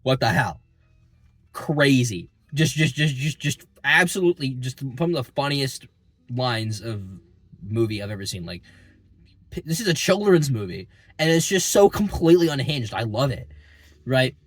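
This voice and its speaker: A young man recapping a movie in a rambling, excitable way, full of fillers and casual swearing, recorded in a parking lot. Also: mid-range voice, moderate pace, breathy edge, dry recording. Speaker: movie reviewer.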